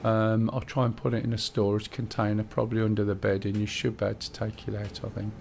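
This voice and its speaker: A man's voice: lowish voice, monotone, quick pace, creaky, background noise. A man streaming a game, chatting casually and talking a teammate through the controls, thinking aloud with fillers as he goes. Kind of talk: casual gameplay chat.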